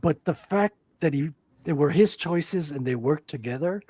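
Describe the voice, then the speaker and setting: A man's voice: a little high, lively intonation, normal speed, darkish tone. A man co-hosting a podcast, talking enthusiastically and swearing casually. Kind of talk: casual chat.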